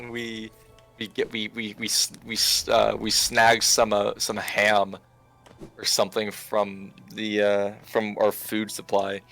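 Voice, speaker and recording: A young man in his twenties, co-hosting game commentary, tells a funny story over gameplay on a remote call with screen share. His voice sits fairly low with a fairly bright tone, and he laughs often, stumbling through restarts and fillers.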